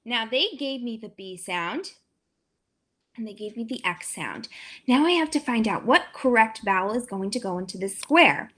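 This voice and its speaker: A young adult woman teacher walking through a demo phonics lesson, stretching out each letter sound slowly and clearly. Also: on the high side, expressive, a bit bright.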